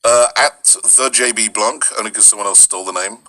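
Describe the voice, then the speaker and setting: A male voice actor as a guest in a casual interview, explaining things in a relaxed way. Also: lowish voice, brisk, low-quality recording.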